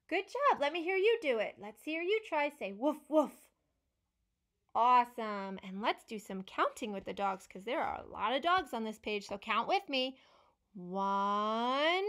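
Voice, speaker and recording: Here a young speech-language pathologist, a woman, goes through a picture book with children, slowly asking them questions and encouragingly praising what they say. Her voice is a little high and slightly bright.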